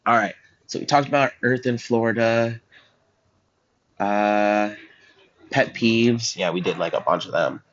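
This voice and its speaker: A man's voice: on the low side, measured pace, long pauses, a bit bright, lo-fi sound. Joking teenage boy, rambling. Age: teens. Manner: joking, self-deprecating, goes off on tangents. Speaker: student podcast host. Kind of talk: rambling solo podcast chat. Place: school news recording room.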